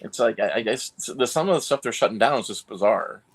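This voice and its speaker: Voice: mid-range voice, lively intonation, quick pace, a little hiss or hum. A speaker joking around in casual chat with friends.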